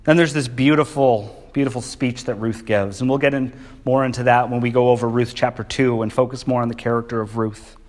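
A man's voice: mid-range voice, steady tone, fairly quick, a little mellow. A male preacher giving a sermon, speaking emphatically and reading scripture with feeling. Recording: long hall reverb.

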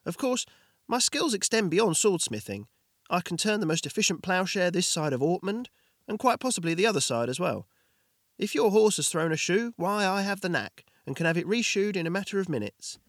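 A man's voice: sits high, expressive, fairly quick, no echo, clean studio sound, pitched above the performer's own voice. A man doing an eager, chatty village blacksmith. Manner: eager, talkative, a bit flustered.

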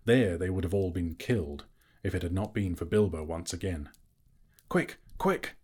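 A man narrating a fantasy story aloud in a slow, measured, dramatic reading. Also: low-pitched, warm tone, breathy edge. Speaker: audiobook narrator.

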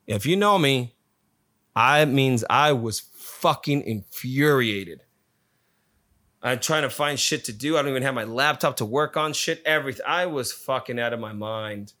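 Give me a man telling a story casually, swearing all the time, with a bright, forceful voice. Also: mid-range voice, measured pace. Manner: swears constantly, animated retelling.

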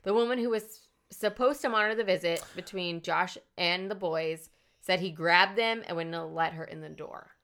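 A woman telling a true-crime story in casual podcast chat, swearing freely and sounding outraged. Her voice is bright and crisp, and she tells it with animated energy. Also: on the low side, normal speed. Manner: profane, indignant, animated storyteller.

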